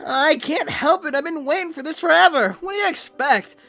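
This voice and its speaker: A man voicing a bold, eager young woman who is a princess, excited and blurting. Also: very high-pitched, brisk, vocal fry, soft background music, pitched above the performer's own voice, exaggerated voice.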